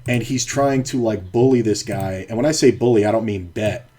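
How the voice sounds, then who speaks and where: A former card dealer streaming online poker tells a rambling, profane story from his dealing days while he plays. His voice is lowish and mellow at normal speed, and he keeps restarting sentences in this casual chat.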